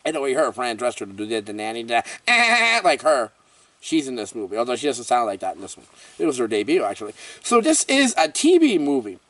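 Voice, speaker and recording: A man hosting a casual horror movie review vlog, talking in an excitable, rambling way full of exclamations and fillers. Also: medium pitch, brisk, no room sound, far from the mic.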